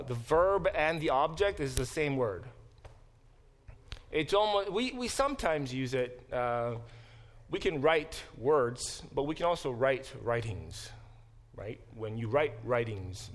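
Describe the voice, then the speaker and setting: Animated male Bible professor lecturing. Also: mid-range voice, unhurried. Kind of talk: classroom lecture. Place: classroom.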